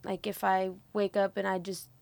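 A woman who is a student in a music program, speaking candidly and haltingly with many fillers. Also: medium pitch, completely flat delivery, vocal fry, darkish tone. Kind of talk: casual group conversation.

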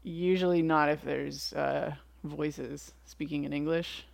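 A woman's voice: deep voice, fairly even intonation, slow, gravelly, no room sound. A woman co-hosting a podcast in casual chat, thinking aloud and hedging with lots of "like"s. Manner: hesitant, thinks aloud with many "like"s. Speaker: podcast co-host.

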